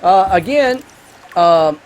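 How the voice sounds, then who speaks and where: A man hosting a gaming channel, talking casually over his gameplay in a high, bright voice. He rambles with enthusiasm and fills the gaps with plenty of ums and you-knows. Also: animated, takes it slowly. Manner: rambling and enthusiastic, full of fillers. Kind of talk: casual let's-play commentary with movie review.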